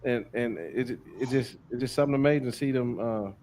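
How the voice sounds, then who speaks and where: A man hosting a podcast, chatting casually in a relaxed, folksy way. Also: mid-range voice, fairly quick, a little hiss or hum. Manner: relaxed, folksy, with frequent restarts. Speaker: podcast host.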